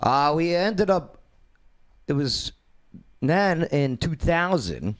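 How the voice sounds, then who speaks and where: A man hosting his own talk show, telling a story in a lively, animated way with quoted voices. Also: a little high, slow pace. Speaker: radio show host.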